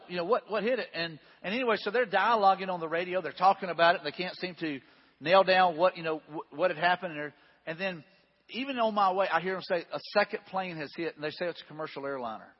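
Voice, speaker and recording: A man preaching a sermon, moving between reading scripture and chatting with the congregation in a folksy way. His voice sits a bit high for a man and has a husky edge. The sound is dull and lo-fi, with a long reverb tail filling the hall. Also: fast. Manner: conversational, folksy asides with restarts. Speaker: pastor.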